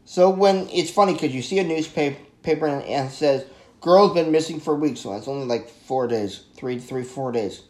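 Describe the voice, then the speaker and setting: A man reviewing a horror film in a casual, excitable, rambling way, often stumbling over his words and correcting himself. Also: mid-range voice, normal speed, few pauses.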